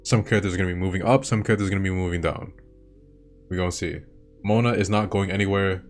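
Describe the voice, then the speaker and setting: Brief: young male host, casual rambling commentary, lowish voice, soft music behind. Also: fairly even intonation, fast. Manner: enthusiastic, swears often, repeats himself. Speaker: video host. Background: faint game music.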